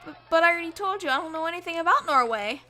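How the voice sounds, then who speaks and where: A high, bright voice plays a timid teen demon girl from hell, read by a woman in a game. She speaks hesitantly and stammers a little. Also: animated, very fast, soft background music, full character voice. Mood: flustered.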